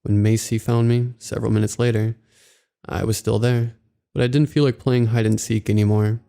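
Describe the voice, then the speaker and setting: Gravelly low-voiced male horror narrator. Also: level tone, moderate pace, mellow. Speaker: story narrator. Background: faint background music.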